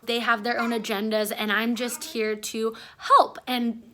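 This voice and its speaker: A young mother talks straight to her camera at home, rambling from one thought to the next. Her voice sits high and sounds bright and clear. She comes across as chatty and openly emotional. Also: flat delivery, unhurried. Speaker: mom vlogger. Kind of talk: casual chat to camera.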